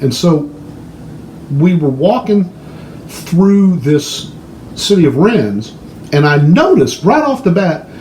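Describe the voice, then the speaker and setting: A man telling a long story in a casual, animated way, hosting his own show. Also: on the high side, reverberant, a little hiss or hum, poor audio.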